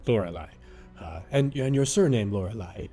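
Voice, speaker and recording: A man's voice: lowish voice, expressive, normal speed, mellow, soft background music. A man voicing a haughty young wizard who speaks in grand, archaic, fawning phrases. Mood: courtly, fawning. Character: haughty pompous young male wizard who abandons his party.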